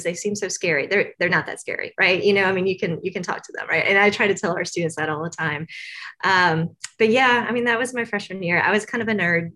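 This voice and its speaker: A woman's voice: lowish voice, pushed and bright. A woman from Tennessee answering interview questions as a university staff guest, chatty and rambling with lots of fillers. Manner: chatty, rambling with many fillers, laughs often.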